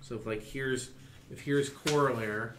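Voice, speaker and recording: A man narrating a tabletop game as game master, halting with many fillers. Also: medium pitch, steady tone, reverberant, background noise.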